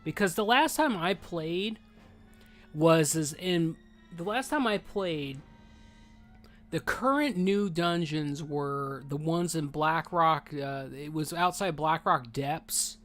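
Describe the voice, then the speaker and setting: Rambling, animated male gaming streamer. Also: on the high side, takes it slowly, soft background music. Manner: rambling, animated, says dude a lot; talking with mouth full while eating. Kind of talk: casual gameplay chat.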